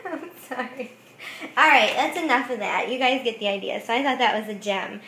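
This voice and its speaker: A woman's voice: on the high side, quick pace, fairly bright tone, slight background noise. A woman craft vlogger chatting casually about thrift finds, giggling often and saying "like" a lot. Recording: echoey room.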